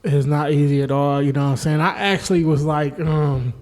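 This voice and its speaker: A podcast host, a man, keeps things laid-back and gives out shout-outs. His questions come out hesitant and full of fillers, in a mellow, dark voice. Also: fairly high pitch, fairly even intonation, brisk. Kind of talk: casual interview chat.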